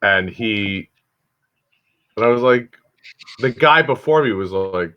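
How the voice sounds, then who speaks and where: A man co-hosting a casual comedy chat, asking questions and reacting bluntly with lots of swearing. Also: mid-range voice. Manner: blunt and profane, quick reactions. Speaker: co-host asking would-you-rather questions. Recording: dull lo-fi sound.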